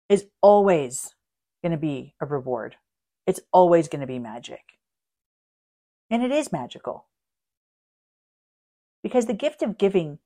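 Animated woman telling a personal story. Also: on the low side. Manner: animated, laughing, self-mocking. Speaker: podcast host.

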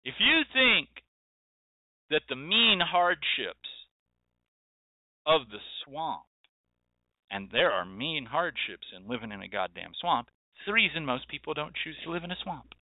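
Brief: impassioned male host, rhetorical and forceful, fairly high voice, phone-like and dry. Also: very animated, unhurried, pauses often, dry recording. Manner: emphatic, preachy, repeats phrases for effect. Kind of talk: impassioned monologue. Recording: dry tinny phone-like sound.

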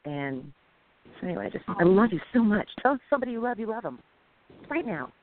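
A woman co-hosting a casual faith podcast, talking excitedly and urging listeners on. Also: medium pitch, a little fast. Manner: excitable, emphatic, exhorting listeners. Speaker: co-host. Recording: tinny phone-like sound.

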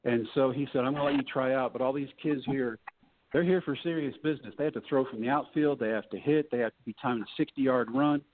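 A man's voice: mid-range voice, fast. A middle-aged man telling his story as a podcast guest in a folksy way, acting out the people he quotes. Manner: folksy, acts out quoted voices. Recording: tinny phone-like line.

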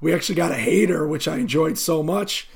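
A man's voice: a little high, fairly quick, gravelly, breathy edge. A man co-hosting a casual sports podcast, telling stories loosely with lots of fillers. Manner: loose storytelling with many fillers. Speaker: podcast co-host.

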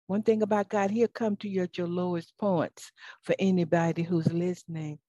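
A woman hosting her own talk show alone, speaking emotionally and warmly about faith to her listeners, with fillers and stammered restarts. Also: lowish voice, fairly even intonation, normal speed, no room sound, lo-fi sound. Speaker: talk show host and life coach. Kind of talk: solo talk show monologue.

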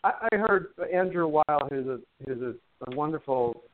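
A soft-spoken man talks a listener through breath and meditation, chatty and teacherly with light jokes. His voice sits a touch high. It comes through a thin, tinny phone line. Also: expressive, normal speed. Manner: gentle, chatty, teacherly, with many fillers and playful jokes. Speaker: guest, musician and meditation teacher. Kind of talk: guiding talk on breath and meditation.

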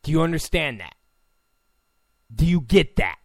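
A male talk show host delivering an incredulous, sarcastic rant, repeating himself and breaking into sudden shouts. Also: a little high, big pitch swings, measured pace, dry recording. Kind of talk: ranting commentary. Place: Los Angeles.

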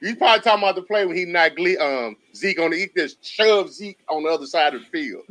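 A man co-hosting a casual football talk show in a high, lively voice that swoops up and down. His tone is bright and sharp. He talks in easy slang and breaks into laughter often. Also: fast talker. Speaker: podcast co-host. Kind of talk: casual sports chat.

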